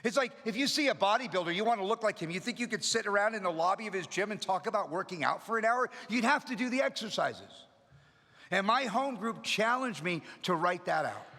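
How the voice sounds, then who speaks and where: At a recovery meeting, a middle-aged man tells his story to the audience with energy and humor. His high voice is bright and forceful, and a hall's long reverb surrounds it.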